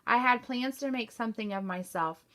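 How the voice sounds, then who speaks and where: A woman reading a novel aloud, voicing a distraught gentleman who speaks in a strained, stammering, pleading way. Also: fairly high pitch, brisk. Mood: sheepish. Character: distraught grieving gentleman, master of the house.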